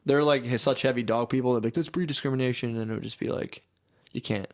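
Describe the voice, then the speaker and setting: A young man trades casual banter as co-host of a comedy podcast. He swears freely and breaks into laughter as he tells his stories. His pitch sits around the middle for a man. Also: fast. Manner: animated, swears a lot, laughs often.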